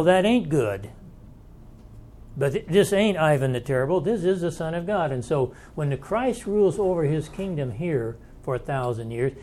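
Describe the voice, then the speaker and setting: A man leading a Bible study, his voice sitting a little higher than most men's. He talks in a folksy, conversational way, working through ideas aloud and inviting questions from the class. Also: darkish tone. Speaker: Bible teacher.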